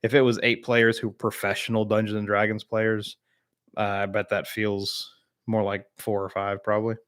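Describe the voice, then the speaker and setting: A man's voice: lowish voice, flat delivery, normal speed, fairly bright tone. A man from the American South hosting a casual live-stream chat, rambling with many fillers and replying to viewers by name. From Southern United States.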